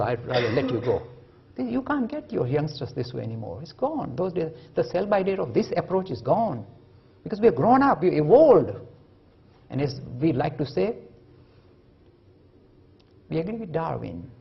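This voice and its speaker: A man giving an animated public lecture, telling stories and acting out the voices of the people in them. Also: fairly high pitch, normal speed, vocal fry, pauses often, breathy edge, highs cut off. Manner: lively storytelling, acting out quoted voices. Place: lecture hall.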